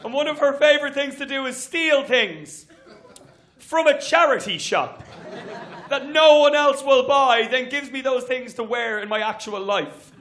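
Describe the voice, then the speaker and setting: High-voiced Irish male stand-up. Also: sharp tone. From Ireland. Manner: brisk, chatty, works the crowd with asides. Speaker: stand-up comedian. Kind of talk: stand-up set. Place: comedy venue stage with audience.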